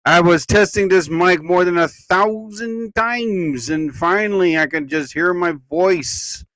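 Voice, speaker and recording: A man's voice: sits high, unhurried, a bit bright. Rambling man hosting a casual live show. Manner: rambling, keeps exclaiming. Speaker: host. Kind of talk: casual livestream chat.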